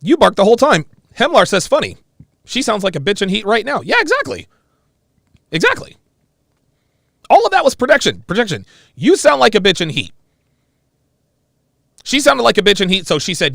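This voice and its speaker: Animated, mocking male host. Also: sits high, normal speed, creaky, pauses often, no echo, clean studio sound. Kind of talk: commentary on a played call-in clip.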